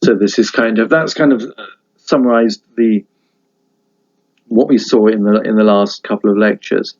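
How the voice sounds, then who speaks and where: A man giving a university lecture, halting with many fillers and restarts, stopping now and then to read a folk tale aloud. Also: lowish voice, steady tone, a little mellow, highs cut off. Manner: reads folk tale aloud between comments.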